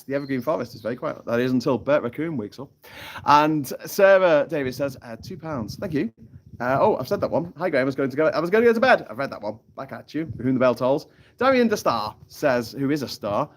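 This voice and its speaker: Male live-streamer, loose and chatty, laughs and swears through his stories, phone mic outdoors. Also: mid-range voice. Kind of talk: casual rambling live-stream chat. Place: outdoors on a tropical island.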